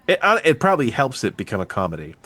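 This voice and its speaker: A man's voice: medium pitch, no room sound. A man with a wife and young daughter, chatting casually and mocking a bad movie, swearing freely. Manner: animated, profane, quick to mock. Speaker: podcast co-host. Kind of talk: casual movie review chat. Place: podcast recording.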